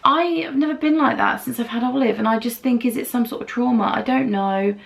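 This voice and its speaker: Vlogging casually at home as she does her makeup, a British beauty vlogger tells a long, candid story while recovering from dental treatment. Her voice is a little high and a little fast, with vocal fry, and her manner is chatty and rambling.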